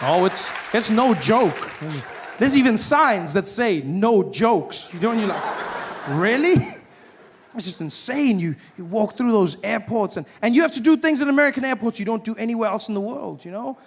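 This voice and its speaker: A man with a South African accent doing animated stand-up storytelling, acting out the people in it. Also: sits high, fairly quick, a crowd in the background, background noise. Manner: animated, playful, acts out characters. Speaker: stand-up comedian.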